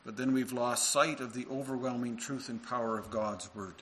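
A man preaching a sermon in a bright, forceful voice, pressing his congregation with rhetorical questions. His pitch sits in an ordinary middle range, and his voice at times drifts farther from the microphone. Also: fairly even intonation, normal speed, slight background noise, low-quality recording. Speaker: minister.

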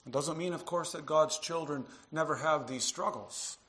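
A man preaching a sermon to his congregation, earnest, dropping to quiet asides and rising into emphatic passages. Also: fairly high pitch, moderate pace. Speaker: pastor.

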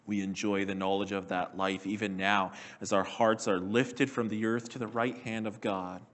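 A man preaching a sermon in a measured, earnest way, slowing and dropping his voice to stress key words. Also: lowish voice, flat delivery, fairly bright tone.

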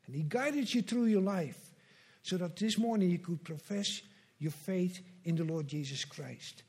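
A pastor preaching a sermon, earnest and measured, with slow emphatic repetitions. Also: male voice, sits high, a little mellow, husky.

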